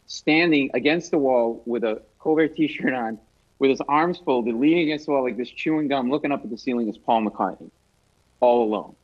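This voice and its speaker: A man telling a comic story as a guest comedian, animated and self-mocking. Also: medium pitch, lo-fi sound.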